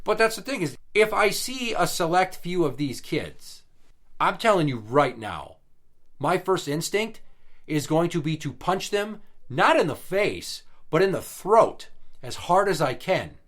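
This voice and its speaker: A man's voice: fairly high pitch, sing-song, a little slow, fairly bright tone. A man in his thirties co-hosting a podcast, telling stories in a blunt, profane, casual way. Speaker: podcast co-host.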